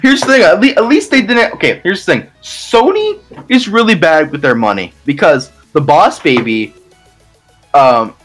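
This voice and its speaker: A young man talks through a casual podcast with plenty of restarts and emphatic asides. His voice sits fairly high and swings around a lot. Faint music plays under him. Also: big pitch swings, normal speed, a bit bright. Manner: rambling, emphatic, many restarts. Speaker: podcast co-host. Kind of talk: casual chat.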